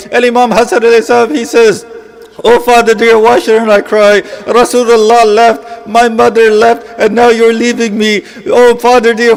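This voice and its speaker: A man delivers a mourning sermon in a notably high register. He drives his points home with rhetorical questions and repeated phrases. He unfolds the story through quoted dialogue. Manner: retells scenes with quoted dialogue. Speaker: preacher.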